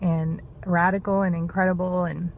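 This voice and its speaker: A woman's voice: on the low side, flat delivery, moderate pace, narrow, tinny audio, slight background noise. A woman, talking earnestly and a bit rambling in a devotional vlog. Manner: earnest, rambling, says "y'all". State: emotional, near tears. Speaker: vlogger sharing prophetic words.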